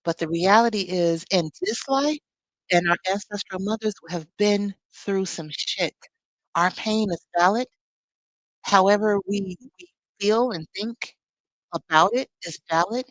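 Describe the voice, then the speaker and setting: A woman's voice: medium pitch, dry recording, rough recording. A woman leading a live spiritual teaching, talking expressively with sassy, conversational asides.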